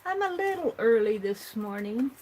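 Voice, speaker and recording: At her craft table, a woman hosts a laid-back morning art stream, talking to herself and viewers as she works. She speaks at a moderate pace in a slightly high, sing-song, somewhat mellow voice, and there's a little hiss or hum.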